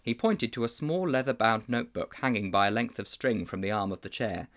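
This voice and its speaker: A man reading a children's novel aloud with measured, expressive narration. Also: on the low side. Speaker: storybook reader.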